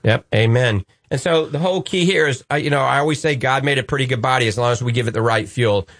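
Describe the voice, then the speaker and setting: A man's voice: mid-range voice, quick pace, a bit bright, no room sound, clean studio sound. A man with a New Orleans accent hosting a call-in radio show, upbeat and reassuring with a joking streak.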